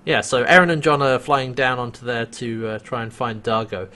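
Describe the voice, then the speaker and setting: Casting: male podcast co-host, casual and animated, laughs a lot as he recaps. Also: medium pitch, normal speed. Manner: animated, laughs often, acts out quoted lines.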